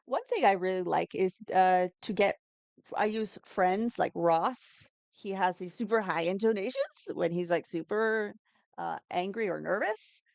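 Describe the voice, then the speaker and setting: A woman's voice: medium pitch, unhurried, vocal fry, darkish tone, no room sound, muffled recording. A woman who teaches English pronunciation, chatting as an interview guest with lots of fillers and self-corrections. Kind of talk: casual interview answers.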